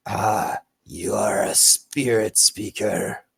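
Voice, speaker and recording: A man's voice: fairly low pitch, steady tone, gravelly, slightly rough, no echo, heavily acted. A solemn lizardfolk hunter in a tabletop game, each formal phrase drawn out and weighed, as a man puts him on. The voice is dry and close, with no room sound. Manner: slow, grave, measured speech.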